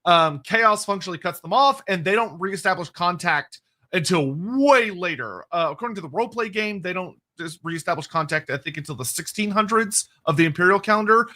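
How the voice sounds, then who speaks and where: Man, high pitch, bright tense voice, rambling livestream chat, laughs a lot. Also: lively intonation, fairly quick. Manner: rambling, restarts, laughs often. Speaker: co-host answering chat questions. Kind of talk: casual livestream lore chat.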